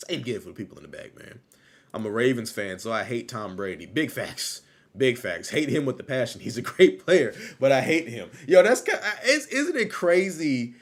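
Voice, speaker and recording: A man hosting a casual livestream, talking loosely and repeating his phrases, still low on energy after an illness. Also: sing-song, normal speed. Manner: loose, rambling, repeats phrases, laughs easily. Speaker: livestream host.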